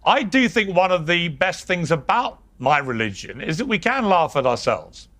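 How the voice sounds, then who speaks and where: A man's voice: high voice, big pitch swings, moderate pace, fairly bright tone. A man hosting a heated panel debate, combative and teasing, repeatedly cutting in on guests. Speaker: TV debate host.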